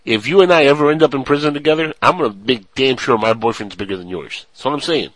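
A man's voice: mid-range voice, quick pace, fairly bright tone, no echo, rough recording. A man co-hosting a casual online radio show, reading stories and joking with his partner, often slipping into mock accents.

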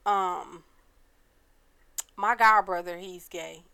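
A woman's voice: on the low side, fairly even intonation, drawn-out words, gravelly, crowd noise. A woman podcast co-host, chatting bluntly and casually. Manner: blunt, disgusted, laughing. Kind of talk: casual chat.

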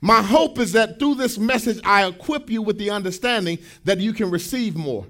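A man in his thirties preaching a sermon as pastor, with a sing-song cadence that rises to shouts. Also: sits high, moderate pace.

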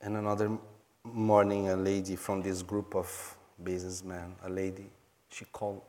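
A pastor from Brazil, speaking in Portuguese-accented English, tells a story earnestly during a sermon, his phrasing halting and non-native. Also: sits low, little pitch movement, darkish tone.

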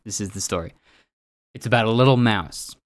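A man's voice: on the low side, a little fast, no room sound, clean studio sound. A man hosting a podcast who tells stories in a reflective, rambling monologue full of restarts. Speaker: podcast host. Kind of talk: casual storytelling monologue.

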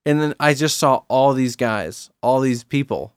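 Smooth-voiced man telling a story. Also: mid-range voice, a little slow, dry recording, studio quality. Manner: storytelling, animated, acts out voices in quotes. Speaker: podcast host. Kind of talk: casual chat.

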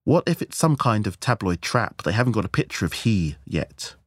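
A man's voice: lowish voice, very animated, moderate pace, husky, no echo, studio quality, pitched above the performer's own voice. A man voicing a worried female television reporter talking with her camera team.

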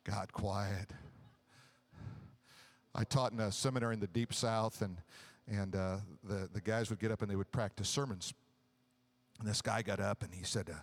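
A man preaching a sermon, drawing the congregation into call-and-response and acting out the lines of the people in his stories. He swings from loud exclamations down to low, quiet murmurs.

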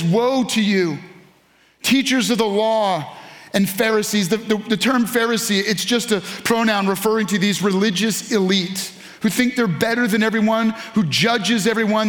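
A man's voice: high-pitched, fairly bright tone, reverberant. A man preaching a sermon to a congregation, reading scripture aloud and speaking to the listeners directly. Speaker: pastor.

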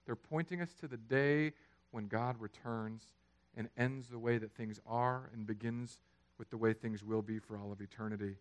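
A man, preaching a sermon that swings from loud, emphatic lines to quiet, low ones. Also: steady tone, moderate pace. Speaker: pastor.

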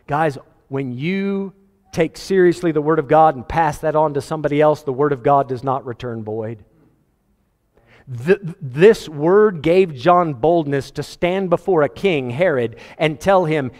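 A man preaching a sermon in an earnest voice, his pitch climbing high when he presses a point. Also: lively intonation, moderate pace, long reverb tail. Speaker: pastor.

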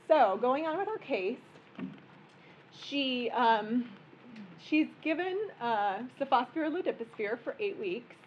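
Higher-voiced woman lecturing. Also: highs cut off, a little hiss or hum. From American Midwest. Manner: conversational and joking, explaining plainly. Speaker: physician lecturer. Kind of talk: medical workshop lecture. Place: conference room.

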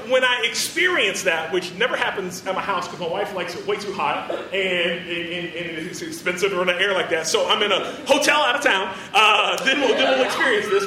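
A man preaching an animated, playful sermon to students, acting out the people in his story. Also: high voice, a little hiss or hum. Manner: animated, playful, acts out quotes. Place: large room with audience. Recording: roomy hall, distant from mic.

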